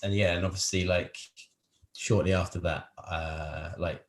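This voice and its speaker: This low, steady, unhurried voice belongs to an English podcast guest whose casual interview talk rambles along with many fillers and restarts. The sound is roomy and the background noisy.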